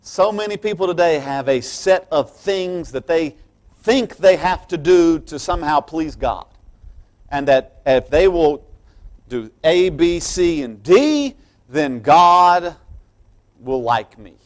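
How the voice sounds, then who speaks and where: Emphatic preaching man, slightly high voice. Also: lively intonation, takes it slowly. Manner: swings from quiet asides to loud emphatic preaching; laughs between lines. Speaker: pastor. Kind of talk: sermon. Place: church.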